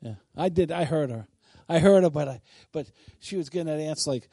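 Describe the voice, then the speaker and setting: A man preaching a sermon who swings between bold, emphatic declarations and quiet, chatty asides to his listeners. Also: fairly high pitch, brisk, few pauses, breathy edge, no echo.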